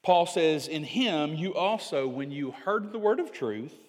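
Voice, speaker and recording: A middle-aged pastor preaching a sermon, swinging from loud emphatic lines to hushed, near-whispered storytelling. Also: male voice, fairly high pitch, lively intonation, a little slow, in a large hall.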